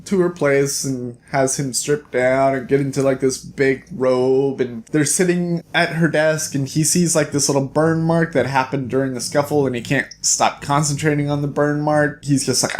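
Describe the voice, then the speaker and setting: A man hosting a casual book review video, chatty and animated, acting out the characters as he retells the story. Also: medium pitch, moderate pace, few pauses.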